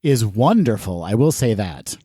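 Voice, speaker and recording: Male co-host, sarcastic and quick, expressive pitch, dry recording. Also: slightly rough, no room sound. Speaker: podcast co-host. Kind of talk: casual podcast banter.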